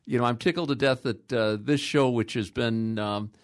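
An older man who hosts a call-in radio show, talking in halting phrases with many restarts. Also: mid-range voice, no echo, clean studio sound.

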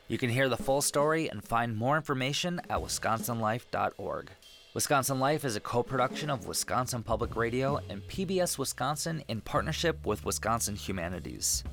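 A man reading a scripted radio segment outro with an even delivery. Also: medium pitch, creaky. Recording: music bed underneath.

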